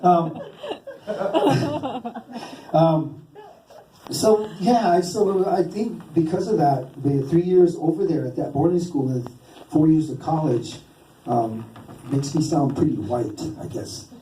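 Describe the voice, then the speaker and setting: A man's voice: a little high, takes it slowly, long pauses, warm tone. A man doing stand-up storytelling, rambling and self-deprecating with many fillers and restarts. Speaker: stand-up comedian. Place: live comedy stage. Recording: roomy hall, distant mic, faint hiss.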